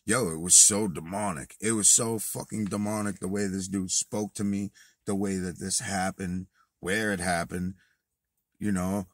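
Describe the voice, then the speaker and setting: A deep-voiced man with a husky edge tells a rambling story straight to camera, swearing freely. He drops to a mutter, then bursts out loud. The sound is dry and close. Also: no echo. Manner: profane, animated retelling, swings from muttered to shouted. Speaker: vlogger. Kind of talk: casual storytelling monologue.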